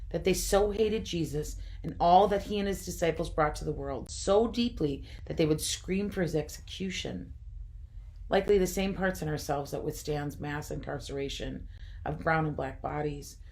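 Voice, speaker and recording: A woman's voice: low voice, a little mellow. A woman reading a devotional retelling at home, reflective and with wry asides.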